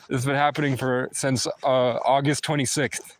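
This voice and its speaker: A man ranting to his viewers in an aggrieved, fast-flowing monologue. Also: mid-range voice, level tone. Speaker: vlogger. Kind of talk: agitated monologue to camera.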